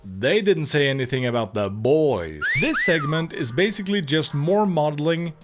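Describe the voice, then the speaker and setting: Animated young man, sarcastic commentary. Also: a little high, moderate pace, music in the background. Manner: sarcastic, jokey, mock-outraged asides. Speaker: YouTube commentator. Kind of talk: comedic video commentary.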